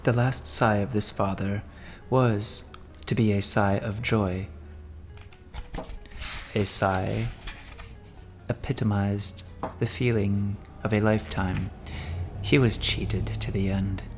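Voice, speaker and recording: A man giving a measured, solemn reading of a classic novel as an audiobook narrator. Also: fairly low pitch, steady tone, music in the background.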